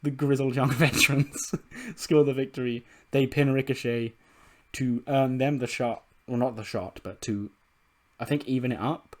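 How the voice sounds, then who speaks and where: A man casually narrating his wrestling management game at a middling pitch. He rambles loosely, drops in fillers, and swears freely as he goes. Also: fairly even intonation, moderate pace, a little mellow. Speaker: let's play creator.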